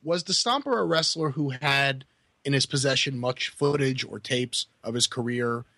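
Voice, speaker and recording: A male podcast host asking measured, slightly hesitant interview questions. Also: mid-range voice, pushed and bright, dry recording.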